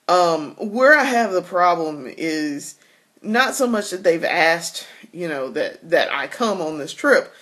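Candid, laughing woman vlogger. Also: low voice. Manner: candid, laughs often between thoughts, halting restarts. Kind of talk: casual personal vlog chat.

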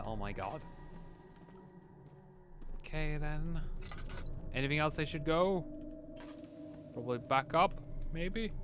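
A young man casually commenting on a horror game as he plays, talking to himself and calling out at every noise. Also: mid-range voice. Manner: jumpy, talks to himself, startled outbursts. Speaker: gamer playing a horror game. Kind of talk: casual let's-play commentary.

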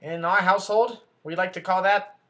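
A man's voice: high-pitched, steady tone, normal speed, fairly bright tone. A man playing a bumbling, self-important TV news anchor who rambles, gets flustered, corrects his own slips and talks back to people off camera. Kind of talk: comedy sketch acting.

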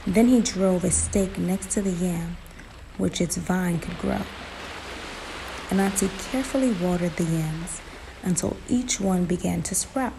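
A woman narrating a folktale in a slow, emphatic storytelling manner, in a noisy recording. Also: fairly low pitch.

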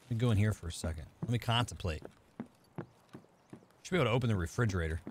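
A man streaming a game live, chatting casually with viewers and thinking out loud as he plays. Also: on the low side, fast talker, a little hiss or hum. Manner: chatty, thinking aloud, talking to chat. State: out of breath. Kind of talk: casual live-stream chat while gaming.

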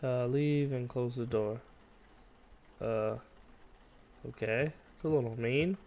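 A gaming channel host with a medium-pitched voice plays through a casual game walkthrough at a slow pace, excitable and jumpy, letting out startled outbursts and mild swearing in surprise. A little hiss or hum sits in the audio.

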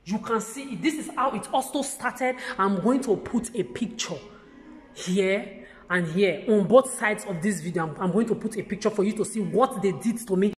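A woman's voice: medium pitch, moderate pace. Heated woman ranting in an echoey room. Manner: heated, repetitive, stammering restarts. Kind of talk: agitated ranting vlog to camera. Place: lives in the country she describes as where she'll age. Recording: echoey room with long reverb.

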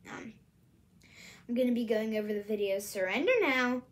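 A woman from the US Midwest hosts a casual solo vlog in a slightly high voice at a normal pace. She rambles hesitantly, leaning on lots of fillers.

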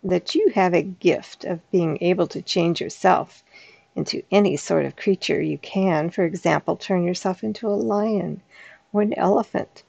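A woman reading the lines of a clever, smooth-talking male cat in boots from a storybook, with a gravelly, husky voice. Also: fairly low pitch, normal speed, darkish tone, dry recording. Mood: smooth flattery. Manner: smooth, persuasive.

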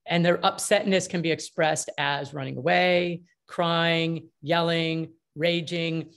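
A middle-aged woman, a mediator answering interview questions in an energetic, emphatic way and acting out the dialogue she quotes. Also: sits low, slow pace. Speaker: mediator and author.

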